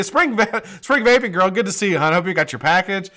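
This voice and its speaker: A man's voice: sing-song, fast talker, hardly any pauses. A middle-aged man hosting a casual live stream, greeting chat viewers by name, laughing often and swearing casually. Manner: laughs often, drops low and quiet when explaining.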